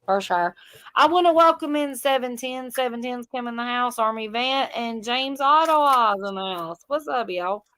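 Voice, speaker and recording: A woman hosting a casual stream, telling stories loudly and teasing, laughing often. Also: a little high, moderate pace. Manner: loud, laughing, teasing storyteller. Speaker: host. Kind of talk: casual live-stream chat.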